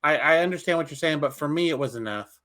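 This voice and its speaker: A man co-hosting a podcast, giving animated, opinionated wrestling takes and swearing freely. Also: on the high side, fast. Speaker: podcast co-host. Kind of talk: casual wrestling recap chat.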